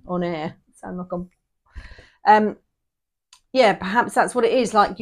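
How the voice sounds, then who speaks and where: Chatty woman reading tarot. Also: medium pitch. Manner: chatty, rambling, asks the viewer "yeah?" often. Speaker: tarot reader. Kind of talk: casual live tarot reading.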